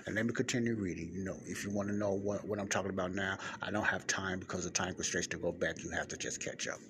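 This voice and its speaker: A man's voice: low voice, fairly even intonation, fast. A man teaching the Bible in casual podcast form, reading from a book, then digressing to explain, repeating points and checking in with listeners with "okay?". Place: public library area with passing cars. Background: faint ambient noise.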